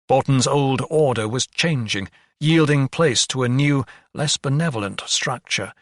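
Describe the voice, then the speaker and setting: A man reading an audiobook in a measured storytelling manner. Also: medium pitch, fairly bright tone, no echo, clean studio sound. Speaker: audiobook narrator. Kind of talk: scripted narration.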